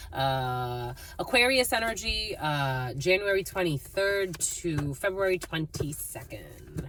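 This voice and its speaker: A woman's voice: lowish voice, animated, measured pace, fairly bright tone, a little hiss or hum. A woman giving a channeled tarot reading, rambling and free-associating, calling her listeners "my lovies". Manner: breaks into snatches of song and laughter. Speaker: tarot reader.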